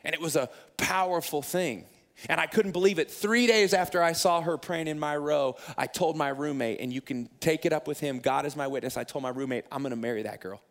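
A man in his thirties preaches with a slightly high voice and an animated, self-mocking manner. He tells a personal story from the pulpit and acts out what he once said to himself and others. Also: brisk. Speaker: pastor. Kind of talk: sermon storytelling.

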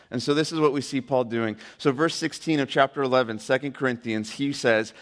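A man giving a sermon, talking conversationally and slowing down to read scripture aloud. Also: fairly high pitch. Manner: earnest, conversational preaching with slow scripture readings. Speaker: pastor. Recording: long reverb of a hall.

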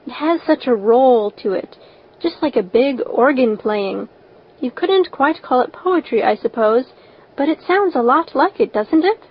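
A woman's voice: sits high, lively intonation, measured pace, husky, full character voice. A woman reading the part of an eager, talkative and imaginative young orphan girl. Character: chatty imaginative red-haired orphan girl. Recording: dull lo-fi recording.

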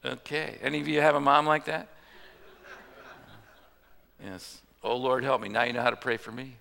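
A man's voice: medium pitch, little pitch movement, moderate pace, vocal fry, bright, forceful tone. A man preaching a sermon in a conversational way, joking and asking the congregation questions. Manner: conversational with jokes and rhetorical questions. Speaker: pastor. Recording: reverberant church hall.

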